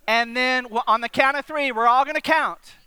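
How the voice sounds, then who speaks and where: A man preaching a sermon to his congregation, animated and direct, often asking them questions. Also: extremely high pitch, moderate pace, smooth, no echo. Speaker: pastor.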